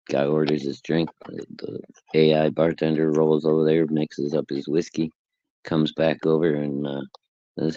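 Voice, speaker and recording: Deep dark-voiced guy joking around on a stream, dry lo-fi sound. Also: completely flat delivery, moderate pace, no echo. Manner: joking, teasing. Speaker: co-host. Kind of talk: casual livestream chat.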